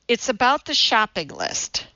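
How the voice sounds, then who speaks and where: A woman's voice: on the high side, wildly swooping pitch, measured pace, pushed and bright, no echo, highs cut off, voice pushed up, full character voice. A woman voicing a flustered, apologetic young woman secretary in an audiobook. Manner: hesitant, apologetic.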